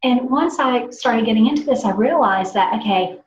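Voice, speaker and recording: A woman from the American South, a podcast guest telling her own story in a lively, enthusiastic way. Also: on the high side, normal speed, reverberant, lo-fi sound, a little hiss or hum. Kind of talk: casual podcast chat.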